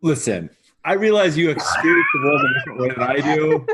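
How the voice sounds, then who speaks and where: A man's voice: mid-range voice, lively intonation, measured pace, very noisy, lightly acted. A man playing a veteran male quartermaster in a tabletop game, plain-spoken and exasperated.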